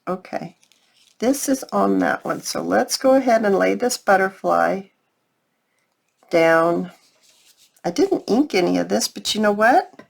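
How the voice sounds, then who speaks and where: A woman with an expressive, gravelly mid-range voice crafts on camera, speaking a little slowly and pausing often. She chats casually with her viewers and thinks aloud in a relaxed tutorial style.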